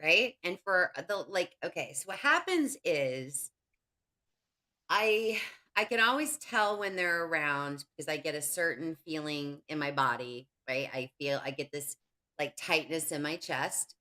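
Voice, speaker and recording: A woman's voice: low-pitched, lively intonation, measured pace, bright, forceful tone. A woman host in casual interview chat, earnestly explaining things step by step.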